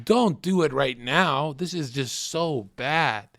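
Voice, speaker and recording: A man's voice: fairly high pitch, lively intonation, slow, creaky, fairly bright tone. A man streaming live, reacting to clips with profane, rambling commentary.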